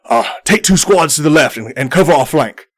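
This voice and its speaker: A man voicing a proud, gruff male goliath war chief who barks orders and is eager for battle. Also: a little high, expressive, a little fast, pitched above the performer's own voice. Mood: commanding.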